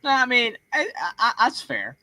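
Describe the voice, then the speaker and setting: A man's voice: very high-pitched, wildly swooping pitch, moderate pace, bright, forceful tone, no room sound. A man with a Southern US accent hosting a call-in sports show, talking in a rambling casual way with plenty of fillers and restarts. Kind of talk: casual chat.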